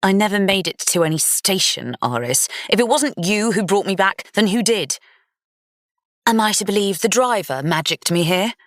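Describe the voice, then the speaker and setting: A woman voicing a defiant, sharp-tongued young bride in an audiobook, speaking in a snappish, challenging way. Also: mid-range voice, lively intonation, normal speed, no echo, studio quality, voice pushed up, natural voice. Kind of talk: audiobook character reading.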